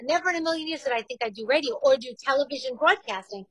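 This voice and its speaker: A woman with a New York accent, a longtime radio host, chats openly about her career. Her voice sits fairly high and sounds dry and close to the mic. She speaks frankly and laughs often. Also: animated, rapid-fire, fairly bright tone, dry recording, rough recording. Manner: candid, chatty, laughs easily. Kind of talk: casual interview chat.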